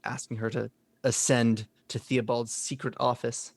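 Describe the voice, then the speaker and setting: A man narrating a tabletop role-playing game as game master, relaxed and asking the players what they do. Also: mid-range voice, measured pace, vocal fry, no echo. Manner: relaxed, asks players questions.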